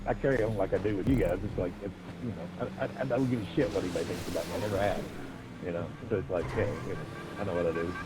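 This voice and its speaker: A man's voice: low voice, racing, heavy background noise. A man streaming a racing game, telling crude stories in a rambling, laughing way. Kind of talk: casual storytelling while gaming.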